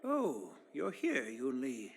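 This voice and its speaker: An actor playing a stern elderly grandfather who admonishes in a gruff manner, heard as game audio over music. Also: mid-range voice, wildly swooping pitch, takes it slowly, exaggerated voice.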